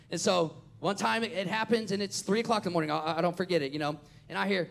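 A man, preaching a sermon as a pastor and acting out a family story with lively storytelling. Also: high-pitched, quick pace, creaky, slight background noise. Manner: animated storytelling, acts out the scenes.

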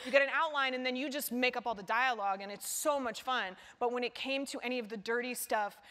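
A woman, the guest author, telling lively anecdotes in a live onstage conversation and acting out the people in them. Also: fairly high pitch, quick pace. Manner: animated storyteller who acts out other people's voices. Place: large hall before a live audience. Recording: hall reverb.

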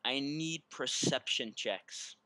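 A man running a tabletop game as game master, narrating in a halting way with many ums and restarts. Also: medium pitch, bright, forceful tone, no room sound.

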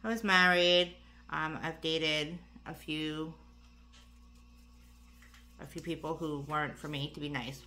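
A woman's voice: deep voice, fairly even intonation, slow pace, pauses often, pushed and bright. A tired, slightly breathless woman chatting casually through a makeup tutorial, rambling with lots of fillers and asides. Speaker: beauty vlogger.

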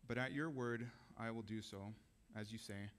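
A man's voice: lowish voice, normal speed, a bit bright. A man giving a sermon in a church, talking casually and asking the audience questions. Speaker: preacher.

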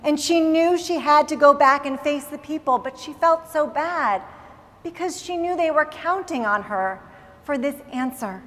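A woman rabbi delivers a sermon as an expressive, dramatic story. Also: high-pitched, measured pace. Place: synagogue sanctuary. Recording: long reverb in large hall.

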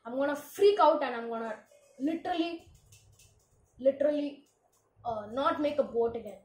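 A woman hosting her own gaming channel, talking through her play in a casual, excitable commentary full of exclamations. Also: high voice, normal speed, echoey room, rough recording.

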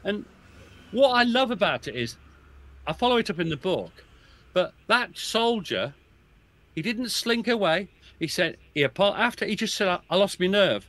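A man's voice: high-pitched, very animated, moderate pace, a bit bright, dry recording. A man talking as a guest oral historian in a podcast, telling soldiers' stories with relish, chuckling often and restarting his sentences. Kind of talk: animated storytelling in a podcast chat.

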